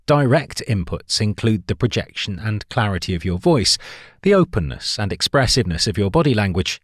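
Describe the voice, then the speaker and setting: A man with a fairly low voice narrates a nonfiction book summary, his pitch moving up and down a lot as he leans on key words. The delivery is clear and measured, recorded close and dry with no room sound. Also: dry recording.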